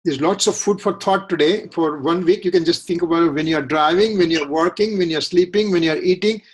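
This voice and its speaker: Husky-voiced man teaching scripture. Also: on the high side, fairly quick. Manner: earnest, repetitive, asks rhetorical questions. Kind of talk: religious study lecture.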